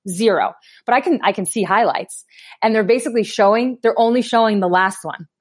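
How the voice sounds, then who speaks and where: Woman, podcast guest, casual storytelling, animated, quoted voices. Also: a little high, fairly quick, breathy edge. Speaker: guest, pro basketball player.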